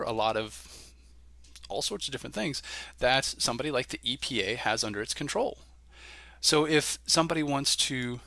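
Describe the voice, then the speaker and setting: Man, instructor, recorded lecture, gravelly, dry room, conversational with frequent um and right?. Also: medium pitch, sharp tone, no echo. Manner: conversational, many "um"s and "right?" checks. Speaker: college instructor.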